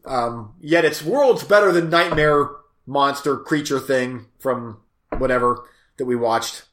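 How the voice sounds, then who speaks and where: A man talking movies in a casual chat, slow and unhurried, rambling with lots of fillers and restarts. His voice has a roomy echo around it. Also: medium pitch, fairly bright tone. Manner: rambling, halting, many fillers and self-corrections. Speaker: host reviewing movies.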